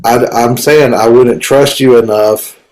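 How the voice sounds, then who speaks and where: A man speaking as a guest in a casual podcast chat, emphatic and deadpan. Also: mid-range voice, measured pace, poor audio.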